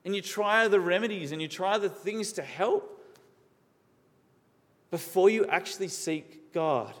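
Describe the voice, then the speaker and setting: A man's voice: high voice, measured pace. Man preaching in a reverberant hall. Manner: earnest, asks many questions, repeats words for emphasis. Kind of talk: sermon. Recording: long reverb of a large hall.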